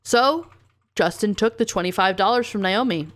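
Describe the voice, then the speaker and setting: A woman's voice: mid-range voice, moderate pace. A woman, co-hosting a podcast and casually telling a true crime story, reading quotes aloud and saying "like" often. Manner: casual, says "like" a lot, reads quotes aloud.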